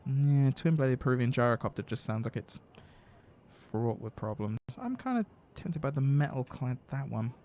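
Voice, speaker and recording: A man's voice: mid-range voice, expressive, moderate pace, darkish tone, a little hiss or hum. A man hosting a game stream, reading the game's story text aloud and thinking aloud in casual asides. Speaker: streamer host.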